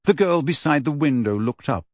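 A man narrating an audiobook in a measured, steady storytelling voice. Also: on the high side, no echo, clean studio sound.

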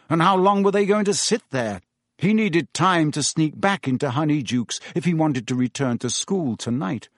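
A male audiobook narrator with a lively, shifting delivery and a slightly higher voice. Recorded close and dry. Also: dry recording. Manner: expressive, voices characters.

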